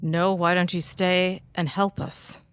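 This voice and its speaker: Woman player at a d&d table, kinda low voice, casual. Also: flat delivery, takes it slowly, a little hiss or hum. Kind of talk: tabletop game play.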